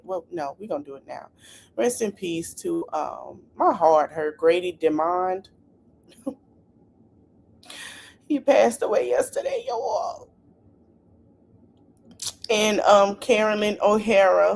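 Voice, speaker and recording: A woman hosts a casual livestream, talking straight to her viewers in a loose, chatty way and throwing in asides. Her voice sits at an ordinary middle pitch. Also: creaky. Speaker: podcast host.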